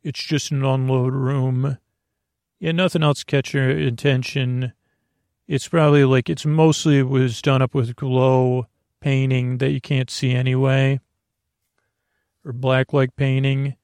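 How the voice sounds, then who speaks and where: A man narrating as game master in a tabletop game, halting with frequent fillers and restarts. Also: mid-range voice, flat delivery, a little mellow, smooth, dry recording, clean studio sound.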